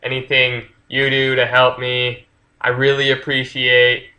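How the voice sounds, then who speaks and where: A man's voice: medium pitch, completely flat delivery, unhurried, pushed and bright, echoey room. A man hosting a casual book review vlog, talking in a loose, slangy and profane way, with lots of fillers. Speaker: channel host.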